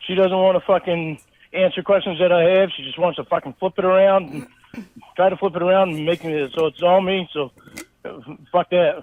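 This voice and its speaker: A man's voice: high voice, steady tone, fairly quick, a little hiss or hum. A man in a recorded phone call, angry and profane, stumbling over his words as he complains. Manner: angry, profane, stammering restarts. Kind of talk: heated phone conversation. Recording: tinny phone line recording.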